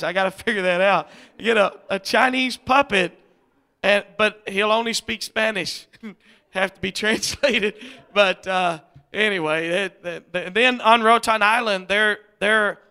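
High, gravelly preacher. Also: male voice, sharp tone. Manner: folksy, rambling, many fillers and restarts. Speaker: visiting missionary preacher. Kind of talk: sermon.

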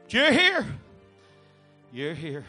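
Bright-voiced preacher at altar call. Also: male voice, wildly swooping pitch, slow pace, faint music behind. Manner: pleading, swings from low murmurs to shouted appeals. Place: church sanctuary.

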